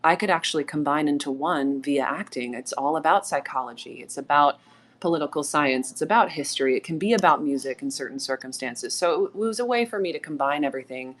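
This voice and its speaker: Low-voiced woman telling stories lively. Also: fairly quick. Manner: animated storyteller, laughs often, acts out quotes. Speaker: actress and AMA guest. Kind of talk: casual live audio chat. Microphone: remote audio call mic.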